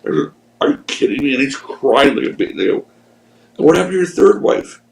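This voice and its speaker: Podcast guest, man in his 60s, raspy storyteller, casual and profane, echoey room. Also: mid-range voice, brisk. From Philadelphia. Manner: animated anecdotes, swears freely. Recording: roomy echo.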